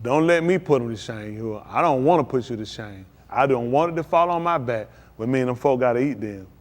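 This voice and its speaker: A man's voice: mid-range voice, lively intonation, a little fast. A man preaching a live-streamed sermon to his congregation, emphatic and repetitive, hammering short punchy declarations. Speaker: pastor.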